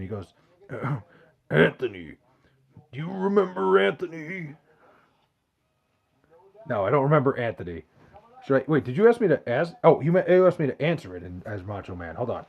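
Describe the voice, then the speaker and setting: A man's voice: medium pitch, a little mellow. A man hosting a podcast, reading out chat questions in loose, profane, joking banter. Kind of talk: casual chat.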